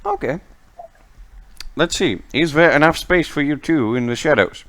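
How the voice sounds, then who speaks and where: A man running a tabletop game as game master, narrating the scene in an unhurried way. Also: fairly high pitch. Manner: unhurried, lively narration with laughs.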